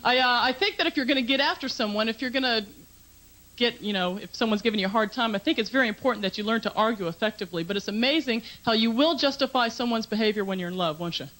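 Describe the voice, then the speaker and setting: A woman from Georgia doing a brisk, chatty stand-up routine on a TV talk show stage, laughing through her punchlines. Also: fairly high pitch, fairly bright tone, low-quality recording. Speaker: stand-up comedian.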